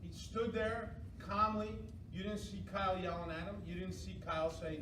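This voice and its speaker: A man's voice: high-pitched, level tone, moderate pace. A man giving a casual training talk to umpires, conversational and questioning the room. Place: meeting room. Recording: echoey room from far off, noisy.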